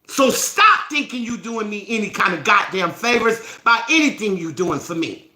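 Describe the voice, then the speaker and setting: A woman hosting a self-help live stream, scolding her viewers in a profane, forceful rant. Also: mid-range voice, animated, moderate pace, roomy sound, poor audio.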